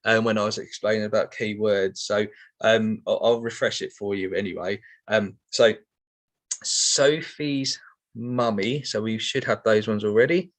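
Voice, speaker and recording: A man's voice: lowish voice, steady tone, a little slow. A middle-aged man teaching sign language in an online session, explaining each step patiently with many ums and okays.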